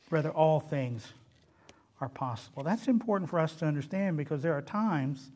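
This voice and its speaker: A man with a Southern US accent preaching a sermon in church, animated, swinging between loud emphatic lines and quiet ones. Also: fairly high pitch. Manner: animated, rises and drops in loudness, quotes scripture in character. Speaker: pastor.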